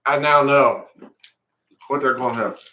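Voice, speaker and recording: A man's voice: medium pitch, sharp tone, reverberant, a little hiss or hum. A male vlogger reacting on camera with a burning mouth, short of breath and groaning in pain. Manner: pained, groaning, slow-spoken. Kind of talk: reacting on camera to a hot pepper.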